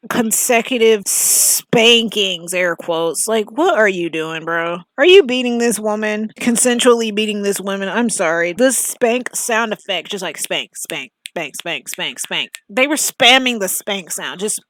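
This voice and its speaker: A woman's voice: mid-range voice, a little slow, few pauses, a bit bright. A woman giving casual, opinionated commentary on a story game, blunt and often exasperated. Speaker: game reviewer.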